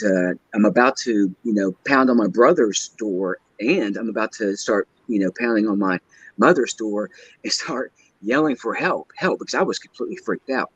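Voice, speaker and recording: A man with a low voice tells a personal story as a guest. He speaks haltingly and keeps restarting and repeating his words. The sound is dry and dull, like a lo-fi line. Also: slightly rough, no echo. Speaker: guest caller.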